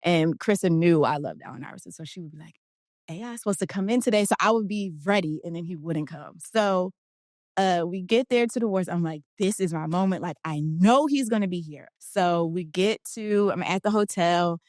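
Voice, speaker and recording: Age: adult. Sex: woman. Origin: Philadelphia. Pitch: low. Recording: dry. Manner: animated storyteller. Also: moderate pace, dry recording. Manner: animated, acts out quotes. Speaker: guest, basketball players' union director. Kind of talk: casual storytelling interview.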